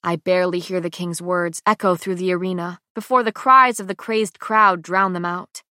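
A woman narrating a first-person audiobook with a tense, dramatic delivery that drops to hushed lines, recorded on a close mic in a booth. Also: lowish voice, fairly even intonation, normal speed, dry recording.

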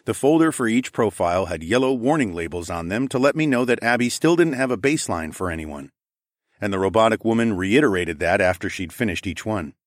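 A man tells a first-person story as an audiobook narrator, in a relaxed and casual manner. His voice sits low, and the recording is dry and close. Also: a little fast, dry recording.

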